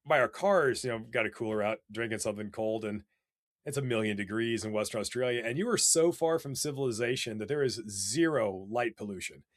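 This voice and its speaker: Man, podcast guest, casual storytelling, animated, rambling, dry sound. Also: mid-range voice, no room sound. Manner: animated, rambling with many fillers.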